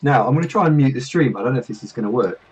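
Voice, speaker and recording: A man's voice: medium pitch, animated, racing, a little mellow, husky, highs cut off. Exasperated man on a headset. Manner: exasperated, swears casually while fiddling with settings. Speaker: stream host. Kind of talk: casual live-stream chat.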